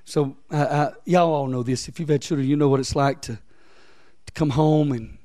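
A man preaching a sermon in a chatty way, swinging from loud scripture reading to soft, low asides. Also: fairly even intonation, moderate pace, dry recording, studio quality. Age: adult, father of three. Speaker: pastor.

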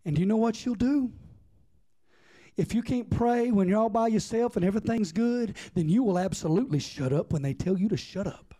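A man's voice: high voice, brisk, mellow. A man preaching a sermon with impassioned, rhythmic repetition.

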